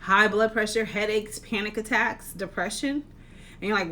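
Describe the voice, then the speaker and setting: A woman life coach giving an earnest, encouraging talk, posing rhetorical questions with measured, deliberate delivery. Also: mid-range voice, fairly even intonation, fairly bright tone. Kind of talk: motivational talk to camera.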